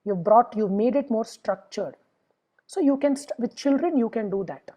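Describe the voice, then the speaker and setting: A woman's voice: a little high, normal speed, dark tone, rough recording. A middle-aged woman with an Indian English accent, a psychologist explaining emotions to parents step by step in a lecture and acting out the lines of clients and children. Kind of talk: lecture with examples.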